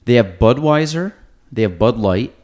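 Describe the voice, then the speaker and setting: A man's voice: medium pitch, lively intonation, moderate pace, a little mellow. A man hosting a podcast in casual chat, rambling and thinking aloud. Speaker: podcast host.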